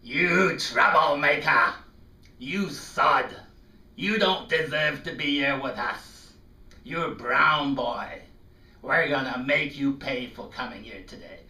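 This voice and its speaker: A man doing an angry, threatening schoolboy. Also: mid-range voice. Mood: hostile. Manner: loud, slow and threatening. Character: angry, hostile young male schoolboy. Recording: echoey room, distant mic.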